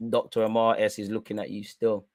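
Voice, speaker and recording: A man's voice: on the low side, completely flat delivery, brisk, darkish tone, no room sound. A young man hosting a live football watch-along, chatting in slang straight to his viewers. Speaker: live stream host.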